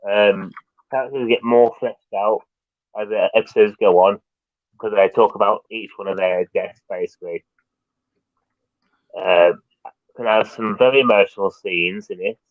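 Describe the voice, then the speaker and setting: Male podcast host, lowish voice, halting casual review, tinny phone-quality line. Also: fairly even intonation, no room sound.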